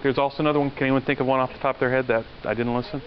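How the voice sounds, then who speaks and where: A man's voice: mid-range voice, steady tone, racing. A male university lecturer giving a classroom lecture, talking conversationally, asking the class questions and telling stories along the way. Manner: conversational, asks the class questions, tells anecdotes. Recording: dull lo-fi lecture recording with faint noise.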